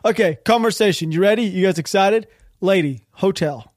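Male podcast host, high voice, sarcastic ranting commentary, swears a lot, dead-dry mic. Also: moderate pace, no room sound. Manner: ranting, sarcastic, swears freely, laughs at news. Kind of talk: solo political podcast commentary.

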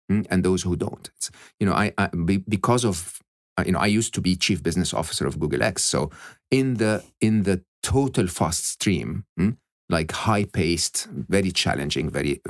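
A man talking as a podcast guest, animated and emphatic, often checking in with "okay?" and "hmm?". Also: sits low, no room sound, clean studio sound. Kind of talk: reflective interview talk.

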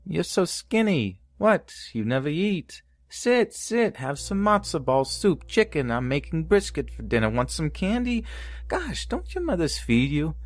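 A man putting on a high, pushy old Yiddish grandma. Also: big pitch swings, measured pace, no echo. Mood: doting, pushy. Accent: Yiddish-inflected. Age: over 70. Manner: nagging, insistent feeding. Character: fussing elderly Jewish grandmother, doting and pushy.

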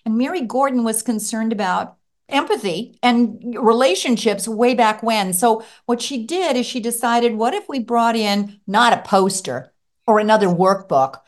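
A middle-aged woman who used to teach, a guest on a podcast interview, telling stories in a lively way and acting out what children said. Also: a little high, moderate pace. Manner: animated storyteller acting out children's voices. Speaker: guest author and former teacher.

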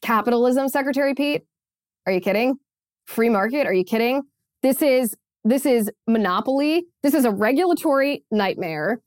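A woman's voice: a little high, expressive, normal speed, no echo. Woman podcast host, pointed and sarcastic, dry studio sound. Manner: emphatic, sarcastic, repeats phrases. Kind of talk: opinion commentary.

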